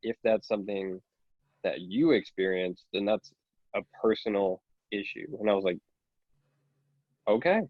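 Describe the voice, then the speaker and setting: A man's voice: on the low side, steady tone, moderate pace, no echo, lo-fi sound. A man in a casual podcast chat, telling a story and quoting what others said.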